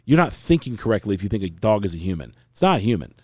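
A man's voice: fairly low pitch, big pitch swings, very fast, breathy edge, dry recording, studio quality. A middle-aged man hosting a casual talk show, telling a story in a frank, rambling way with many restarts. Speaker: podcast host.

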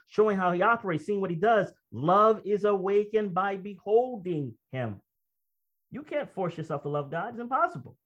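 A man preaching a sermon, reading quotations slowly and then commenting in a conversational, emphatic way with personal stories. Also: high-pitched. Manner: reads quoted text slowly, then comments conversationally and emphatically, often laughing. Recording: dull lo-fi recording.

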